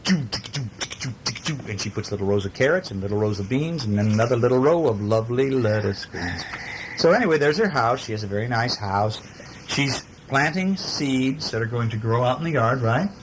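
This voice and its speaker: A man's voice: mid-range voice, animated, a little fast, background noise. A man reading a bedtime story aloud to a child, playful and sing-song, with chatty asides.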